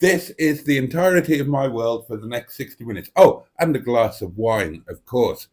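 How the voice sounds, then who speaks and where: A man hosts a live stream from his dining table at home, speaking into a desk microphone at a middling pitch. He rambles along, mocking himself with theatrical flourishes as he chats to his viewers. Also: expressive, normal speed. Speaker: livestream host. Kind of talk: casual live stream chat.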